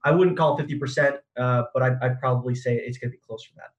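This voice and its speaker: A man's voice: medium pitch, steady tone, quick pace. Hesitant man on a discussion panel. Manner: hesitant, repeats words.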